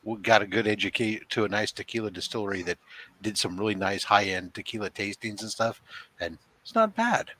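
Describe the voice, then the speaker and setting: A man's voice: on the low side, lively intonation, fairly quick, pushed and bright. A man hosting a casual online hangout, joking in a mock-serious way. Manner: playful, mock-serious banter. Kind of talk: casual group chat.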